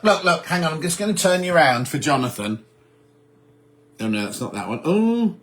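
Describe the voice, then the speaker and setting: A man's voice: sits high, a bit bright. A man from England hosting a casual live chat, reading viewer comments aloud and answering them.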